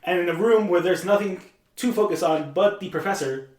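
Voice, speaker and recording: A young man, a podcast guest, talking in a calm, measured way and clearing his throat often. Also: high-pitched. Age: young adult. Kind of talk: casual conversation. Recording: echoey room, mic at a distance.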